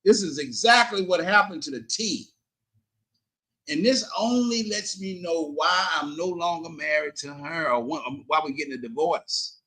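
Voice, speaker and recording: A middle-aged man telling a story on his livestream, animated and indignant, cursing and quoting both sides of an argument. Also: on the high side, a little slow. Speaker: livestream host.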